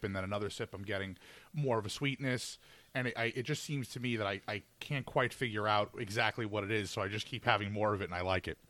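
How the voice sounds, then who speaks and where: A man's voice: fairly low pitch, fairly bright tone, no room sound. A man co-hosting a casual beer podcast, chatty and joking, often correcting himself mid-sentence. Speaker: podcast co-host reviewing beer. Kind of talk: casual chat.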